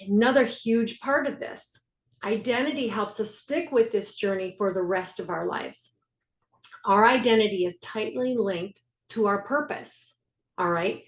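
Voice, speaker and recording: Leading a faith-based health coaching group over a video call, a woman speaks earnestly at medium pitch, repeating key phrases and laughing at herself. The room sounds echoey.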